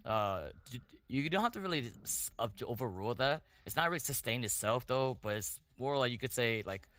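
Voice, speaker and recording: A man playing a defense lawyer in a role-play court, with a bright, forward voice. He cross-examines in halting phrases, restarting and repeating his questions, and the sound is close and dry. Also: mid-range voice, animated, no echo.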